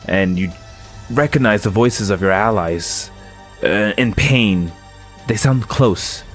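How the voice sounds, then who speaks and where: A man narrating as game master of a tabletop game, slow and atmospheric, with restarts. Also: lowish voice, faint music behind.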